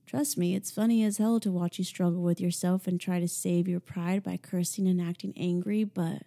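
Woman voicing a calm, controlling young man. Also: on the low side, natural voice. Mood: calm commanding. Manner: soft, slow, menacing calm.

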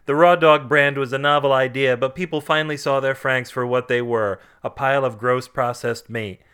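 A man's voice: medium pitch, fairly even intonation, moderate pace, a bit bright, clean tone, lightly acted. A man voicing a practical, weary wife who talks in a dry, patient way.

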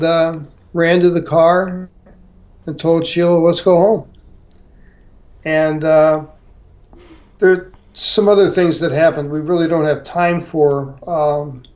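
Man, guest, hesitant storytelling, many fillers, slow pace, dull lo-fi sound. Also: on the high side, darkish tone. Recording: dull lo-fi audio.

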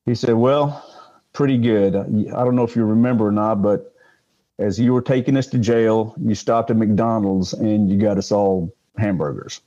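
Rambling older man, dark muffled voice. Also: fairly low pitch, moderate pace. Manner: rambling, with many fillers and restarts. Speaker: guest, retired police sergeant. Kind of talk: casual interview storytelling.

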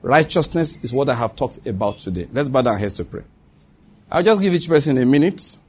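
Earnest husky preacher. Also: male voice, medium pitch, expressive, brisk, a little mellow. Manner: earnest, teasing, exhorting. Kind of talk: sermon.

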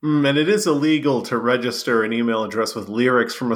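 A man's voice: mid-range voice, fast talker. A man co-hosting a casual comedy podcast, joking playfully and often laughing. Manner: playful, lively, laughs between phrases. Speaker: podcast co-host.

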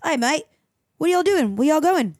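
A woman's voice: high voice, lively intonation, normal speed, a little mellow, dry recording, clean studio sound, pitched above the performer's own voice. A woman voicing a stoned, drifting male Australian surfer who is loose and friendly. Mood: dazed friendly.

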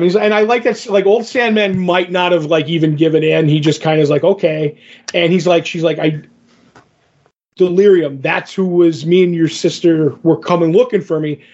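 A man with a slightly high, gravelly voice casually retells a comic book story on a podcast. He rambles, linking paraphrased lines with "he's like". The audio is a bit muffled and lo-fi. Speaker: podcast co-host.

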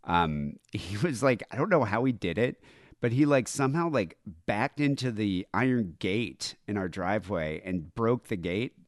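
Host: man, lowish and animated, rambling casual chat, dry close sound. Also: normal speed, no echo. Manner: rambling, laughing, lots of fillers. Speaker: podcast host.

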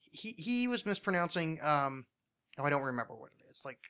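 A man's voice: a little high, big pitch swings, brisk, bright, forceful tone, smooth. A man hosting a casual podcast, ranting with lots of swearing and restarts. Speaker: podcast host.

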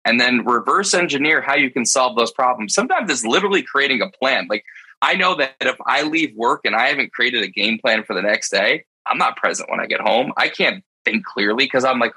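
A man who owns a pet care business, talking candidly and earnestly in a roundtable discussion, in quick bursts with restarts. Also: medium pitch, animated, sharp tone, breathy edge, poor audio.

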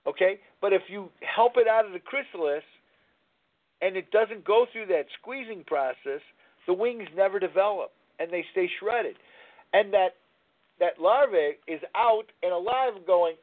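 A man hosting a recovery talk radio show tells a rambling story, searching aloud for words, heard over a tinny, phone-like line. His voice is high-pitched and animated, at a measured pace.

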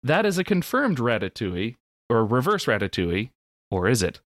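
Guy on a podcast, mid pitch but really bouncy delivery, dry mic, riffs and explains. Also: moderate pace, dry recording. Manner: animated, explains with lots of "like" and restarts. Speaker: podcast co-host. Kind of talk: casual comedic chat.

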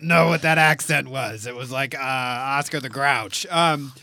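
A man co-hosting a casual podcast, wry and animated, reading listener comments aloud. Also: mid-range voice, normal speed, few pauses, no echo, studio quality. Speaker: podcast co-host.

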